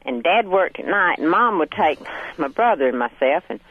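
A woman's voice: deep voice, lively intonation, moderate pace. An older woman, calling in to a radio show and telling a story in a chatty way, laughing often. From Hartwell, Georgia, USA. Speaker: radio caller. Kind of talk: casual storytelling on a call-in show. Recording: tinny phone line.

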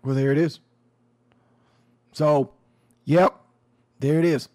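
A man with a fairly high voice talks slowly through a casual commentary. He is sarcastic and emphatic, and he circles back over his own words. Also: steady tone. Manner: sarcastic, emphatic, repeats phrases.

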